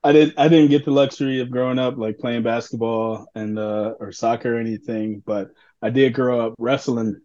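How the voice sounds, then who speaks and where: A man co-hosting a podcast, telling a story in a casual, animated way and laughing through it. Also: mid-range voice, normal speed. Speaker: podcast co-host. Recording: dull lo-fi sound.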